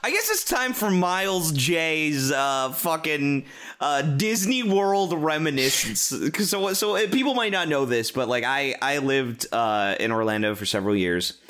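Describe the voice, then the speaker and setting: Male co-host, slightly high voice, loose rambling profane storyteller. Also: unhurried. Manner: rambling, profane, animated storytelling with many fillers. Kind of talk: casual chat.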